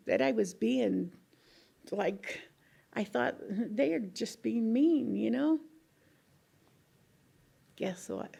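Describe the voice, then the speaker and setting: A woman's voice: on the high side, slow, pauses often, dark tone. An older woman, a retired coal miner, telling earthy stories in an oral history interview, swearing freely and laughing often. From Colorado. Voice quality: gravelly, husky.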